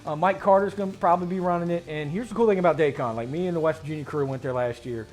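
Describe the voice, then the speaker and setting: A man hosting a casual tabletop gaming chat, slangy and rambling, getting excited as he talks. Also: on the high side, racing, faint music behind. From Mid-Atlantic United States. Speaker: host.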